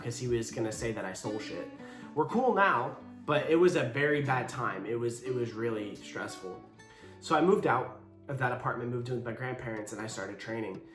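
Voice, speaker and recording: A young man telling a personal story in a casual vlog, candid and blunt, acting out the lines of the people in it. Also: mid-range voice. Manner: candid, blunt, with swearing and quoted dialogue. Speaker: YouTuber telling his story. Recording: echoey room with faint guitar music.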